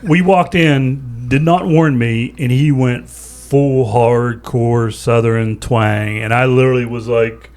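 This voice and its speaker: A man's voice: mid-range voice, fairly even intonation, slow pace, hardly any pauses, a little mellow. A man from southwestern Pennsylvania with a Pittsburgh accent, co-hosting a casual podcast chat and telling stories with frequent laughter. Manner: storytelling, laughs often. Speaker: podcast co-host.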